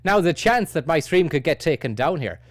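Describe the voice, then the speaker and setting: A man's voice: a little high, very animated, fairly quick. A man streaming, chatting loosely with lots of fillers and hesitations. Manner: rambling, many fillers, grateful. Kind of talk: casual stream commentary.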